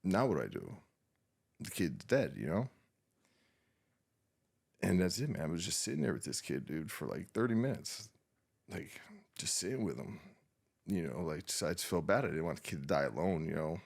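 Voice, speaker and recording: Recounting a painful memory as a podcast guest, a male war veteran speaks in an extremely deep, gravelly, darkish voice that is very animated. Still, he sounds shaken and subdued, halting, restarting sentences, filling gaps with "you know," and swearing often as he tells this emotional story.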